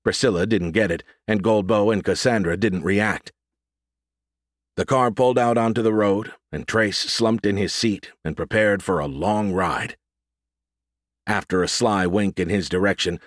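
Reading an audiobook in a measured, even-keeled voice, this man speaks on the low side. The sound is dry and cleanly recorded in a studio.

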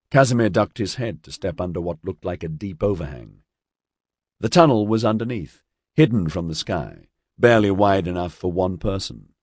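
A man narrating a novel as an audiobook in a measured, scripted reading. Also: low-pitched, expressive, darkish tone, no room sound, clean studio sound.

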